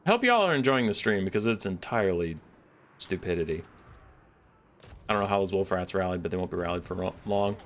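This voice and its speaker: A man's voice: deep voice, expressive, fairly quick. A man streaming a strategy game, giving casual running commentary on his moves, playful and self-deprecating. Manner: playful, mock-scolding asides, self-deprecating. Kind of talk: casual live gameplay commentary.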